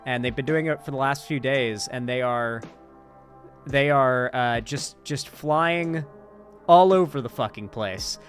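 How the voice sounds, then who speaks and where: A man's voice: medium pitch, unhurried, clean tone, soft background music. A man with a sore throat giving rambling, profane live-stream commentary, full of sarcastic asides.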